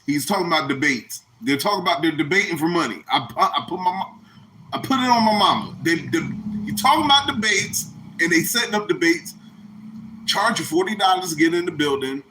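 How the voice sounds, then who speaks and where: Blunt, bright-voiced podcast host. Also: male voice, a little high, lively intonation, brisk. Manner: blunt, slangy, profane, rambling. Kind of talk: casual commentary.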